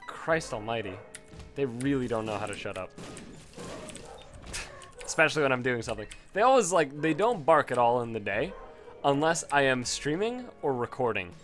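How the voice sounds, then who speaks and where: Man, let's-play commentary, rambling, swears a lot, excitable pitch jumps, mid-range voice. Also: normal speed, pauses often, faint music behind. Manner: rambling, profane storytelling. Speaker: gameplay commentator. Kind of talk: casual gameplay commentary.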